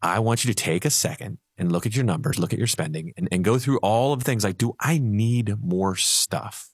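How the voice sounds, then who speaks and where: A man who is a financial advisor on a radio show, telling animated stories and laughing easily. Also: on the low side, normal speed, breathy edge, no echo, clean studio sound. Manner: animated storyteller, acts out little voices, laughs easily.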